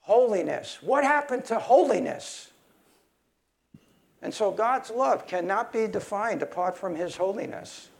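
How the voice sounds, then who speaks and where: Fired-up preacher guy, real high pitched, gravelly, keeps restarting lines. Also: animated, unhurried. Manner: heated, emphatic, with frequent restarts. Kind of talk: sermon.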